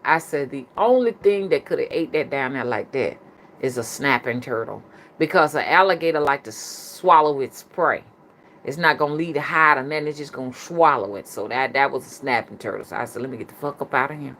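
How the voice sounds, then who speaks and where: Low-voiced Southern woman telling stories. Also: fairly quick, a bit bright. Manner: colloquial, chatty, addresses the audience as "y'all". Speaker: spiritual reader and rootworker. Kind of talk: casual storytelling to viewers.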